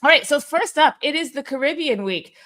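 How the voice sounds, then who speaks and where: A woman's voice: high voice, expressive, a little fast, a bit bright. A woman hosting a weekly company call in a casual, upbeat, chatty way, with many fillers and restarts. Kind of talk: casual livestream chat.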